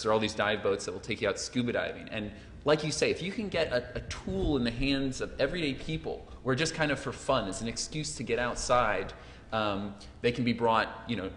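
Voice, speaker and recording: Panelist, male, eager and easygoing, mid-pitched, heard in an echoey hall. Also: a bit bright, a little hiss or hum. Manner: enthusiastic, loose, many fillers. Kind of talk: panel discussion answer. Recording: echoey hall with faint ambience.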